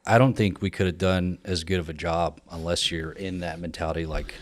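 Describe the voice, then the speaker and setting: A man's voice: deep voice, steady tone, brisk. A man speaking in a candid podcast conversation, blunt and profane as he tells confessional stories about his military past. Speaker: guest, veteran and co-founder.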